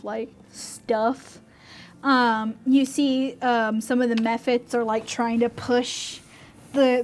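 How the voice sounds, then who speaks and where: A woman narrating as dungeon master, animated and giggly, often breaking into shrieking little voices. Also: on the high side, a little hiss or hum. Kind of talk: narrating a tabletop game.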